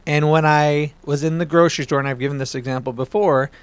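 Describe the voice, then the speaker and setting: A man's voice: fairly high pitch, fast talker, clear, resonant tone, no echo. A man co-hosting a podcast, talking bluntly and with lots of swearing in a heated casual debate. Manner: blunt, profane, animated ranting. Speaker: podcast co-host.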